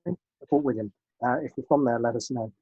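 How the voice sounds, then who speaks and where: A man's voice: medium pitch, a little fast, slightly rough, no room sound, phone-quality sound, faint music behind. A man co-hosting a casual car podcast, reading out listener emails with frequent hesitant fillers. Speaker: podcast co-host.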